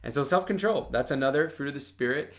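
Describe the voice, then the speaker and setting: A man's voice: mid-range voice, animated, quick pace. A young man, a Bible study podcaster, talking about faith in a casual, passionate and bold way, full of "like" fillers. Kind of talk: casual devotional podcast talk.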